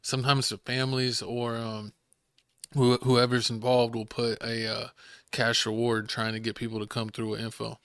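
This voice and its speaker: A man with a bright, forceful voice hosts a laid-back podcast chat. He was recorded close and dry, with no room sound. He explains things in a relaxed, teasing way. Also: medium pitch, moderate pace, smooth, no echo. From Mexican-American family. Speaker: podcast host.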